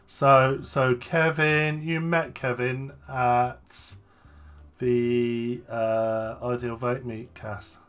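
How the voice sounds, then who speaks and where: A man's voice: medium pitch, little pitch movement, extremely slow, fairly bright tone, clear, resonant tone. A British man co-hosting a casual podcast chat in a teasing, jokey way. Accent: British English. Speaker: podcast co-host.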